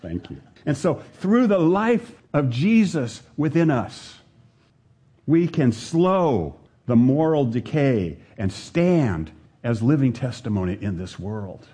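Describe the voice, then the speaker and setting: A man preaching a sermon as pastor to a live church congregation, questioning the listeners and climbing to emphatic high peaks. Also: big pitch swings, slow, warm tone, husky.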